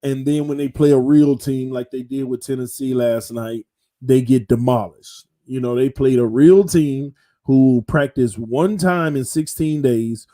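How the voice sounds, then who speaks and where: On his football fan channel, a host with a medium-pitched, dark-toned voice chats in a lively, casual way, hammering points home by saying phrases again.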